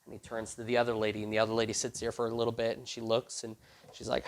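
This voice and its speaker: This youth pastor talks very fast in a medium-pitched voice while preaching to a youth group. He casually retells a Bible story, animatedly acting out the characters' lines with slang.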